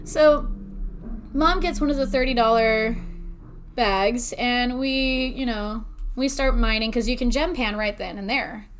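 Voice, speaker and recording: A woman co-hosting a podcast in casual chat, excitable, swearing freely and laughing often. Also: fairly high pitch, measured pace, slight background noise. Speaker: podcast co-host.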